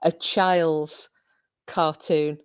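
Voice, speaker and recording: A woman talks slowly in a low voice, as if chatting with friends. She reminisces with plenty of fillers and giggles between her stories. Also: little pitch movement, clear, resonant tone. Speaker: podcast host. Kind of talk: casual chat.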